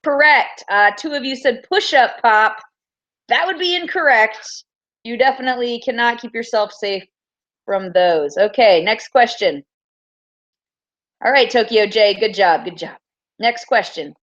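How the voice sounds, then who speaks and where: A woman's voice: a little high, a bit bright, lo-fi sound. Upbeat woman teacher reading quiz choices. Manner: upbeat, teasing, reads answer choices slowly and clearly. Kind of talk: running a classroom quiz review. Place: classroom.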